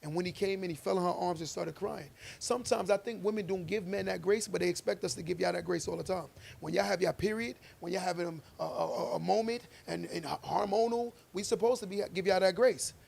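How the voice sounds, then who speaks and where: Podcast co-host, male, high gravelly voice, emphatic preachy delivery. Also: brisk, hardly any pauses, a little mellow. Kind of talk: casual debate chat.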